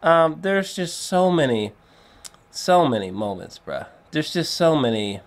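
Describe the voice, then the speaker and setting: A male movie reviewer gives a casual spoken film review, rambling and excitable, with lots of fillers, restarts, and free swearing. His voice is mid-range and his pace unhurried.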